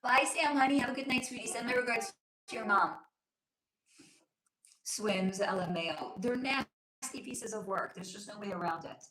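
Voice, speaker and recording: A woman hosting a casual livestream from home, reading viewer comments aloud, calling people honey and sweetie and swearing freely, her voice going hoarse. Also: a little high, moderate pace, pauses often, fairly bright tone. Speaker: livestream host. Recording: roomy echo.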